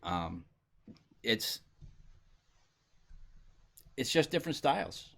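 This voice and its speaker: A man hosting a casual podcast chat, easygoing and agreeable, with an unhurried, hesitant way of talking. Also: mid-range voice, big pitch swings, vocal fry, fairly bright tone.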